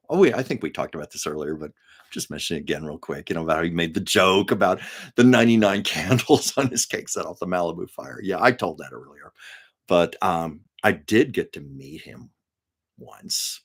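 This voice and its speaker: A man hosting a live stream, telling show-business anecdotes in a casual, chatty way, laughing often and stopping to read viewers' comments aloud. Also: fairly low pitch. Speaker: livestream host. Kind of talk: casual storytelling to a live chat. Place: home livestream.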